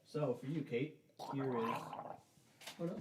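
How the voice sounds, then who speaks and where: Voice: mid-range voice, unhurried, background noise. A playful host running a silly game show on a live stream, stretching out key words like an announcer.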